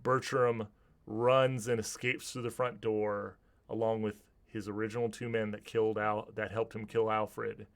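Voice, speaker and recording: A man's voice: lowish voice, little pitch movement, a little slow. A man narrating a tabletop game as game master, describing scenes vividly with some restarts.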